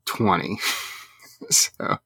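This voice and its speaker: A man's voice: extremely slow, sharp tone, no room sound. A man co-hosting a casual podcast, telling rambling stories with dry humor. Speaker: podcast co-host, recruiting reporter. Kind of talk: casual chat.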